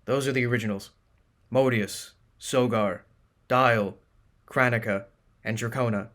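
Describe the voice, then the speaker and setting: A man's voice: medium pitch, fairly even intonation, unhurried, fairly bright tone, lightly acted. A man voicing an earnest, anxious male creature guide who explains things eagerly. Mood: explaining.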